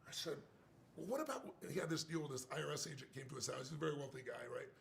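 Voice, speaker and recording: An older man tells a story in a quick, high voice that swings up and down, with a gravelly grain. His delivery is emphatic and animated, like a practiced speaker winding up an anecdote, with a faint hum of noise behind him. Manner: emphatic, acts out quoted voices.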